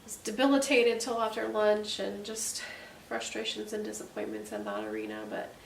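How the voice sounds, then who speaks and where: A woman in her forties, animated and creaky in a mid-range voice, speaks at a moderate pace as a podcast co-host on a casual faith-based show. She tells chatty, warm stories full of ums, captured by a distant mic in an echoey room with faint hiss.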